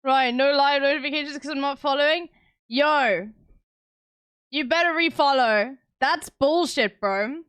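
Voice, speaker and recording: South African woman, young adult, streamer; high pitch, blunt and sarcastic, dry close sound. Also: normal speed, a bit bright, dry recording. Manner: blunt, sarcastic, swears often. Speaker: livestreamer. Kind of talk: casual chat with stream viewers.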